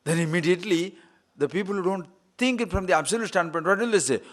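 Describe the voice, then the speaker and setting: A man's voice: on the high side, animated, fast talker. A man giving a spiritual talk, playful and laughing often, asking rhetorical questions. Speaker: spiritual teacher.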